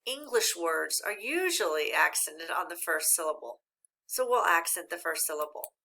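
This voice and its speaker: A woman teacher giving a slow, patient phonics lesson, speaking clearly and sounding out each syllable. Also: lowish voice, animated, bright, forceful tone. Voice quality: clear, deliberate enunciation of syllables.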